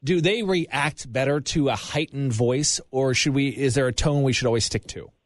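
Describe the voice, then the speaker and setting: A man's voice: medium pitch, dry recording, clean studio sound. A man hosting a radio talk show, asking rambling questions and wrapping up segments in an upbeat way. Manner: upbeat, rambling questions, quick wrap-ups.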